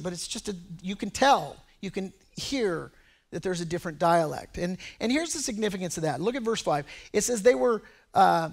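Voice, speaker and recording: A male pastor preaching a sermon in a conversational way, often restarting his phrases. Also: high voice.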